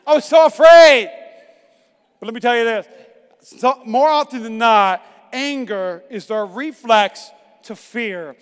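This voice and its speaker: A middle-aged pastor preaching a sermon, swinging from hushed tones to emphatic shouts. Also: male voice, very high-pitched, unhurried, long pauses, smooth. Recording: long echoing reverb.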